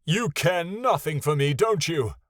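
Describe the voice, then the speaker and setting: A man voicing a proud, wounded male dragon who shouts in booming fury. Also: expressive, measured pace, no room sound, clean studio sound. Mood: furious.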